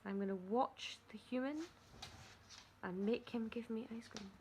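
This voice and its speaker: A woman's voice: fairly high pitch, steady tone, moderate pace, a little mellow, slight background noise, close to an everyday voice. Woman voicing a sulky pet dog wanting treats. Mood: wheedling.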